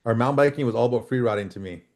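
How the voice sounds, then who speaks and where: Animated middle-aged man telling stories. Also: medium pitch, very fast. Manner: animated storyteller, acts out quoted dialogue. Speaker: podcast guest, freeride mountain biker. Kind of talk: casual storytelling interview.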